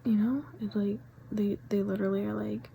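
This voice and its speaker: A woman's voice: mid-range voice, little pitch movement, a little fast, vocal fry, dark tone, a little hiss or hum, low-quality recording. A young adult woman vlogger in casual rambling chat, full of fillers and often dropping to a whisper.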